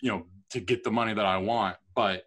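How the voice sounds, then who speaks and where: A middle-aged man telling stories about his career as a podcast guest, chatty and animated with self-deprecating humor. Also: fairly low pitch, a little fast, husky. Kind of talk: storytelling interview.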